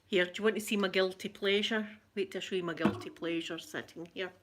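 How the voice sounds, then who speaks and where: Her voice is fairly low and fairly bright, with fairly even intonation, a quick pace and a little hiss or hum in the audio. She's a middle-aged Glaswegian woman from Scotland hosting an ASMR livestream, chatting casually, repeating herself and laughing a lot.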